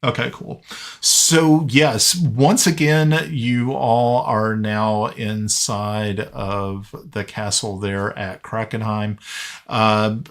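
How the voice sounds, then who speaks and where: A man narrating a tabletop game as dungeon master, halting often with fillers and restarts. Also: fairly low pitch.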